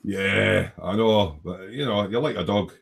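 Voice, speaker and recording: A man's voice: fairly low pitch, a little slow, vocal fry, husky. A man hosting a casual live stream from his hobby workshop, reading viewers' comments aloud in a jokey, rambling way and laughing easily. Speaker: livestream host.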